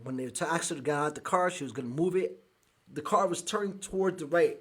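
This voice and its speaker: Angry podcast guy cussing through news clips, husky, kinda high voice. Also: fairly quick. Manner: furious, profane ranting. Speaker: podcast host. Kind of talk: angry commentary reacting to clips.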